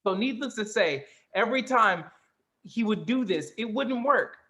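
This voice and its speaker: A man telling a story in casual chat, animated and profane, acting out the people in it. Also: sits high, normal speed. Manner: animated storyteller, swearing, acts out other voices. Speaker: co-host.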